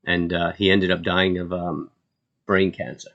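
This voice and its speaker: A man's voice: sits low, flat delivery, a little slow, creaky, a bit bright, dull audio. A man hosting a live trading stream, talking casually to viewers in a rambling way with lots of ums and uhs. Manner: laid-back, chatty asides to viewers.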